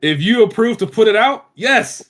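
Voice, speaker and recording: A man's voice: high voice, animated, normal speed, fairly bright tone, a little hiss or hum. A man hosting a movie podcast, talking bluntly and casually, swearing and saying bro. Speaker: podcast host. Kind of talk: casual chat.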